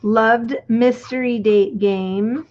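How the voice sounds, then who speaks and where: A middle-aged woman hosts a crafting livestream, chatting in an unhurried, rambling way and losing her thread as she works with her hands. Her voice sits a little high. The audio sounds dull and lo-fi. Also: fairly even intonation, a little mellow. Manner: chatty and reminiscing, trails off while working. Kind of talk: casual chat while crafting.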